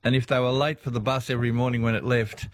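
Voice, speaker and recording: A man's voice: mid-range voice, flat delivery, fast, no room sound, clean studio sound. A man with an Australian accent hosting a casual talkback radio show, chatty and rambling, often laughing between asides. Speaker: radio host.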